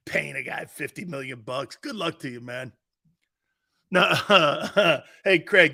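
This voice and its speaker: A man's voice: on the high side, slow, creaky, long pauses, bright, forceful tone. A middle-aged man hosting a sports talk radio show, brash and mocking, talking back to his listeners. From United States.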